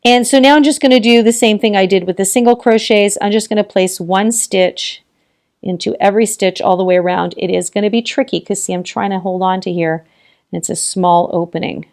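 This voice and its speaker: A woman's voice: mid-range voice, fairly even intonation, fairly quick, a little mellow. A woman hosting a casual crochet tutorial, talking through each step, counting stitches aloud and encouraging viewers with frequent laughs.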